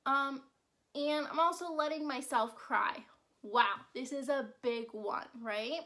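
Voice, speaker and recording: This is a young woman hosting her own self-care show, speaking casually and sincerely to her audience. Her voice is bright and sits a little high. She keeps checking in with "right?" and fills her pauses with "um". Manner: chatty and earnest, frequent "right?" and "um". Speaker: self-care podcast host. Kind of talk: casual solo vlog talk.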